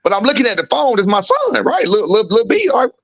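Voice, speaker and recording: Man, middle-aged, casual storyteller, slang, voice a bit high, dry close recording. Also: brisk, no echo, muffled recording. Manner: animated, acts out quotes with big pitch jumps; street slang, repeats "you feel what I'm saying". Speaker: guest storyteller, boxing father.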